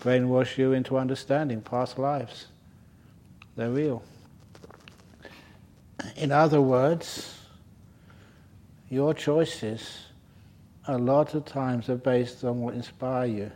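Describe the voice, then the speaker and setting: A man's voice: mid-range voice, fairly even intonation, slow, long pauses, darkish tone. An older man, a Buddhist monk, giving a humorous dharma talk, teasing and laughing at his own stories at a retreat. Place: retreat centre hall.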